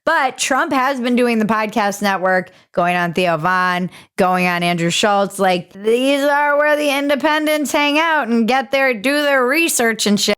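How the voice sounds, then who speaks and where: A woman's voice: fairly high pitch, expressive, unhurried, hardly any pauses, a bit bright, clean tone. Sarcastic woman podcast host. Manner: sarcastic, riffing. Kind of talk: casual comedic commentary.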